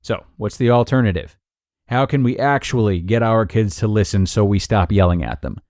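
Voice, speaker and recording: A man hosting a podcast, reading a parenting blog article aloud in an upbeat, expressive way with emphatic rises. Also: on the low side, normal speed, no echo, clean studio sound. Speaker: podcast host and narrator.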